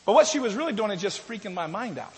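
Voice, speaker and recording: A male pastor preaching a sermon in a conversational way, with many restarts, moving between louder and softer passages. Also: high voice, big pitch swings, quick pace, long reverb tail, low-quality recording. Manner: conversational preaching, with restarts and shifts from loud to soft.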